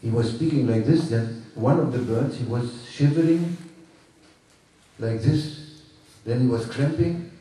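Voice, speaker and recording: A man telling a teaching story to a workshop group, halting and repeating himself, with moralizing asides. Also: mid-range voice, dark tone. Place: workshop room. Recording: echoey room from far off.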